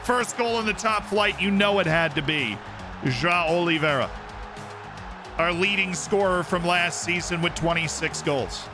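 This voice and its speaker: A man live-streaming a football manager game, commenting on the match like a sports caster and bursting into shouts at goals. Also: high-pitched, normal speed. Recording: game music clearly playing behind. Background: game music.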